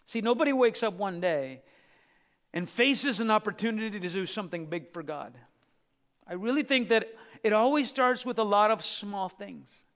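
A man preaching a sermon, telling Bible stories with lively acted-out voices and asides to the congregation. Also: high voice, normal speed. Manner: animated storytelling, acting out biblical characters. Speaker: pastor. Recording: reverberant hall.

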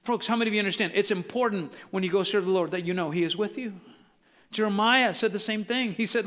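Bright-voiced, animated male preacher. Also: high voice, fast talker. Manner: conversational and animated, acting out Bible characters with casual asides. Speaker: pastor. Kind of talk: sermon.

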